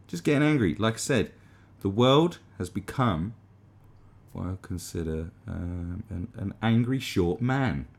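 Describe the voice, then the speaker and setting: A man with a deep, gravelly voice riffs through a sarcastic comedy monologue. His pitch swings widely as he mocks, and he often restarts his sentences mid-thought. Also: lively intonation, measured pace. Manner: sarcastic, rambling, with frequent restarts. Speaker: commentary host.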